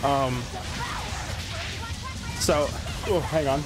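Inquisitive, laughing co-host in casual stream chat, game music clearly behind. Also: mid-range voice, extremely slow. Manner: chatty and inquisitive, laughs often. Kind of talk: casual chat over gameplay.

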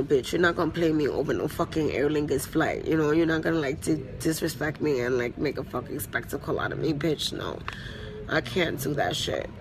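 A woman's voice: low voice, gravelly. A woman on tour venting angrily into her phone at an airport, swearing hard and stringing together filler words. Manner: profane, ranting, heavy filler words. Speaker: recording artist on tour. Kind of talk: angry venting selfie monologue. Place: airport terminal. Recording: noisy phone recording with vehicle sounds.

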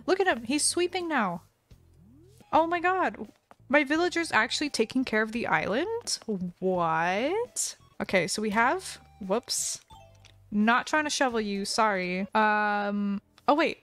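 A woman streaming herself playing a game, chatting with viewers in an excitable, giggly, gushing way. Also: a little high, measured pace, soft background music. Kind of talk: live gameplay commentary.

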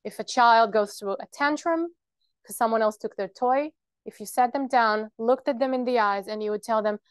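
A woman's voice: on the high side, moderate pace, clean tone, dry recording. Dry-sounding woman leading a workshop. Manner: earnest, explanatory, checks in with listeners. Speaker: workshop presenter. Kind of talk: practical workshop talk.

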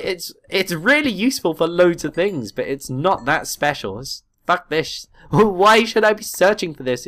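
A man giving gameplay commentary, excitable, swearing and exclaiming often. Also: a little high. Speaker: let's play gamer.

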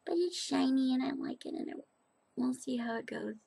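A woman's voice: high voice, moderate pace, gravelly, warm tone, husky. A woman chatting casually in a rambling, self-deprecating way as she reviews nail polish on her vlog.

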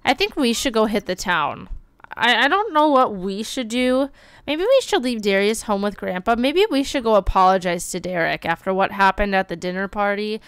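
Woman streamer, lively gameplay commentary, smooth resonant voice. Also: mid-range voice, no room sound. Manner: animated, bursts of exclaiming and quick read-outs. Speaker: game streamer.

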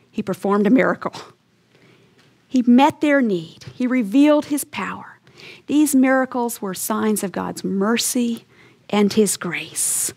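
A woman's voice: mid-range voice, gravelly. Earnest woman teaching the Bible. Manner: earnest and emphatic, leaning into key words.

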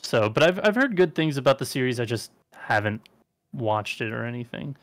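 A man's voice: medium pitch, sing-song, moderate pace, no echo. A man co-hosting a casual chat podcast, talking in an offhand, wry way and swearing casually. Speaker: podcast co-host.

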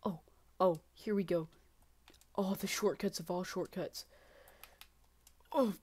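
A woman giving casual, excitable gameplay commentary, talking to herself and running herself down, swinging from muttering to shrieking. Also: fairly low pitch, takes it slowly, husky. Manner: self-deprecating, talks to herself. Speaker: gaming channel host.

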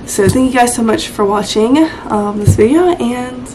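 A teenage girl vlogging in a casual, chatty way, full of "um" and "like", her voice hoarse and rough. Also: a little high, moderate pace, background noise. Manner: chatty, many fillers like "um" and "like". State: hoarse, voice partly gone. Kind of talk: casual vlog chat.

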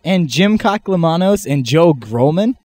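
A man's voice: fairly high pitch, lively intonation, measured pace, darkish tone, no room sound. A teen boy playing an earnest teen superhero. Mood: matter-of-fact. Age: late teens. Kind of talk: amateur comedy sketch.

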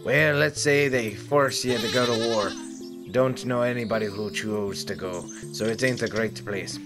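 A man voicing a rough-spoken male goatherd in a game, with a wobbly put-on accent somewhere between Irish and French. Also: on the low side, moderate pace, music in the background, natural voice. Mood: gruff. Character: gruff rustic male goatherd, hard-drinking, blunt.

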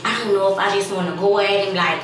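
A woman's voice: medium pitch, fairly even intonation, fast talker, fairly bright tone, a little hiss or hum. A young woman, talking in a brash, rambling, hyped way while she films a prank vlog at home. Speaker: vlogger pranking her boyfriend. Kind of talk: casual prank vlog talk. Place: home room. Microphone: camera set up in the room. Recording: echoey room, far from the camera.

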